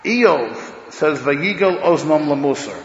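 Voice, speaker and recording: A man giving a Torah lecture in an emphatic, loud way, swinging between declarations and muttered asides, recorded dull in an echoey hall. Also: fairly high pitch, lively intonation, slow pace, a little hiss or hum. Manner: talks loudly, says he is hard of hearing. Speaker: rabbi giving a Torah class.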